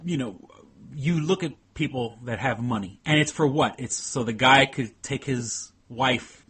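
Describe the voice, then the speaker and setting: A man co-hosts a loose podcast chat at an even, mid-range pitch. He rambles in circles, leans on "you know," and swears bluntly between points. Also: measured pace, breathy edge. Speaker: podcast co-host.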